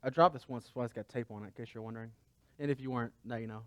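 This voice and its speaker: A man's voice: medium pitch, steady tone, very fast, dry recording. A man pastor preaching a conversational sermon, asking his listeners rhetorical questions.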